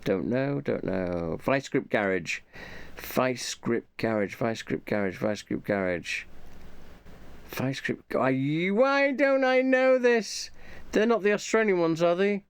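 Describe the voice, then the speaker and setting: A man's voice: mid-range voice, sing-song, a little slow, clear, resonant tone. A man talking casually and off the cuff, rambling and thinking aloud, often muttering repeated asides to himself. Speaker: YouTuber reviewing his subscriptions.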